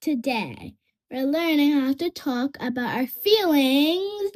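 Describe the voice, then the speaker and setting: A cheerful voice teaching a children's language lesson, talking straight to young learners in slow, carefully spaced phrases for them to repeat. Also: high voice, expressive.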